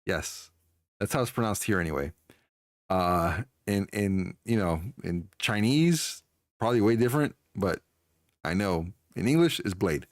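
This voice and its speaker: A man's voice: low voice, expressive, a little slow, no echo, studio quality. A man chatting casually on a live stream, answering chat and laughing often as he tells a story.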